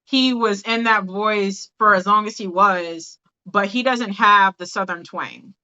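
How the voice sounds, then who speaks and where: Podcast host from the American South, bright tense voice, slightly muffled mic, animated and laughing. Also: female voice, medium pitch, measured pace, clear, resonant tone. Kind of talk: casual chat.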